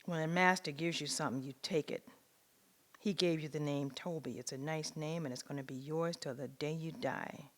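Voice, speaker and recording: A woman reading the lines of a harsh, commanding male overseer in slow, forceful commands, in a low voice. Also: steady tone, close to an everyday voice.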